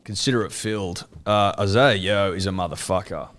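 A man co-hosting a crude comedic sports podcast, animated and sweary, his voice climbing when he rants. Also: low voice, fairly quick. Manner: animated, swearing, rising excitedly when ranting. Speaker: podcast co-host.

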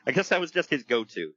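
Male podcast host, animated storyteller with a bright, dry close sound. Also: mid-range voice, dry recording, highs cut off. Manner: animated storyteller, laughs often, breaks into voices. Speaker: podcast host recapping wrestling. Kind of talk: casual chat.

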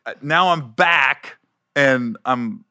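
A man's voice: medium pitch, slow, dry recording. A man, a comedian, chatting casually and acting out quotes from his own stories. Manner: animated, laughing, acts out quotes. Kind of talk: casual storytelling chat.

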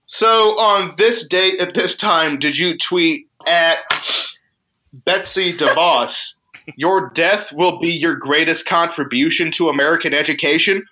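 A man voicing a tired male federal marshal, who asks questions in a low, flat way. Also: measured pace, a little hiss or hum. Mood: weary.

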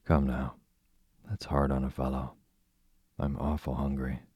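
A husky male reader playing a grown father who whines like a lazy child. The voice is very deep and flat, with a pleading, put-upon tone. The recording is dry and close. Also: a little slow, no room sound, full character voice. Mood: whining. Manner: whining, pleading. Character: tired father pretending to be a whining child.

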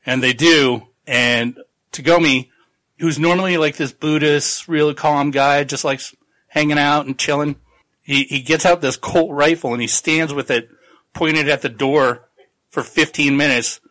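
A man's voice: on the high side, steady tone, unhurried, bright, forceful tone, rough recording. A man on a podcast casually recapping a novel's plot, rambling and swearing as he acts out the characters. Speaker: podcast co-host.

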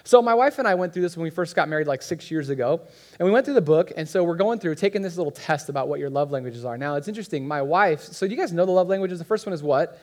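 A high-pitched man preaches in a loose, conversational way, teasing the congregation and pulling them into the talk. He sounds like a guest pastor speaking from the front of a church. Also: quick pace. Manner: conversational, joking with the congregation, animated. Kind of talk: sermon.

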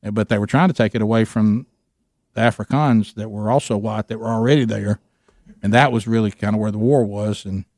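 A man, co-hosting a radio talk show and telling a story in an animated way with many restarts. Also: fairly low pitch, fairly quick, no room sound, studio quality.

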